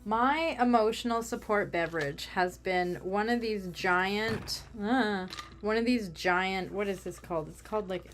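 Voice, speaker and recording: A woman's voice: mid-range voice, a little slow, faint music behind. A woman craft vlogger chatting casually while she works, rambling with self-mocking humor.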